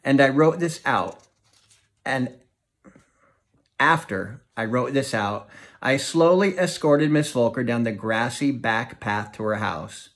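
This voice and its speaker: A man's voice: medium pitch, animated, slow pace, a bit bright. A man reading a novel aloud as narrator, storytelling expressively and voicing each character. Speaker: audiobook reader.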